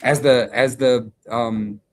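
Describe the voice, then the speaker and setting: Co-host, remote, doting and chatty, middle-range voice. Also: male voice, mid-range voice, fairly even intonation, slow. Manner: gushing baby talk, upbeat sign-offs. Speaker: co-host of a sewing shop live stream. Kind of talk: casual live-stream chat. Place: away from the shop, joining remotely.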